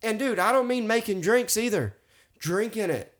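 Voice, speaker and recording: A man's voice: high-pitched, moderate pace. A man in his late twenties or thirties, swearing and saying "dude" a lot as he tells party stories in a casual chat. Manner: animated storyteller, swears a lot, says "dude" often.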